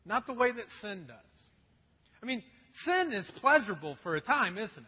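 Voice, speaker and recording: High-voiced husky male preacher. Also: big pitch swings, moderate pace. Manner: conversational, asks the congregation questions. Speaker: pastor. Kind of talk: sermon. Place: church hall. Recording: dull lo-fi recording in a reverberant hall.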